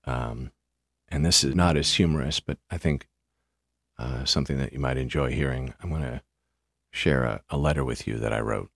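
A man hosting a podcast, telling a story casually in a halting way, often repeating words, with dry understatement. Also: extremely low pitch, creaky, no echo. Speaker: podcast host.

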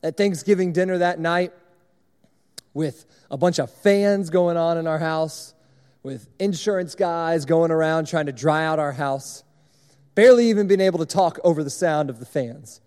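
A young man preaching with an animated, self-mocking storyteller's flair. His voice sits high for a man. Long reverb from a large hall trails every line. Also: moderate pace, smooth. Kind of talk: sermon storytelling.

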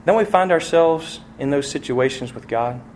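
A middle-aged man preaching a sermon as pastor, telling a family story and acting out the voices in it, with sharp swings from soft to loud. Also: on the high side, expressive, normal speed, a little hiss or hum. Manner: storytelling with vivid acted-out quotes and swings in loudness.

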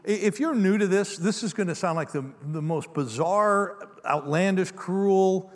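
Male pastor, slightly high voice, conversational sermon, long hall reverb. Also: a little slow. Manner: conversational storytelling, swinging between emphatic and hushed.

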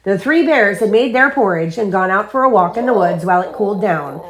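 Expressive mother reading a bedtime story. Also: medium pitch, fairly quick, slight background noise. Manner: expressive, playful character voices. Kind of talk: picture-book read-aloud.

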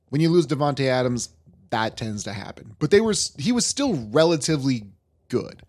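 A man hosting a sports talk podcast, ranting in a worked-up, animated way. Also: fairly high pitch. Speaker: podcast host.

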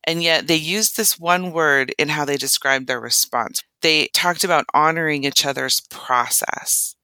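Bright, crisp-voiced woman podcast host. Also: unhurried, no room sound. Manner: earnest, acts out quoted lines with lifted pitch. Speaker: podcast co-host, relationship coach. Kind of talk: explanatory podcast talk.

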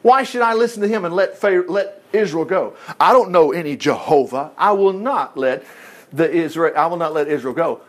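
A man's voice: on the high side, expressive, normal speed, lightly acted. A man voicing a proud, scornful Egyptian king in a spoken Bible reading. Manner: scornful, barking.

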